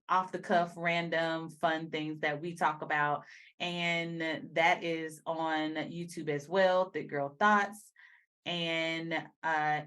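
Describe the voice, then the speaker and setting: A woman's voice: fairly low pitch, fairly bright tone. Woman podcast host, casual, chatty, laughs easily, rambles. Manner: chatty and giggly, rambling asides. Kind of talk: casual chat.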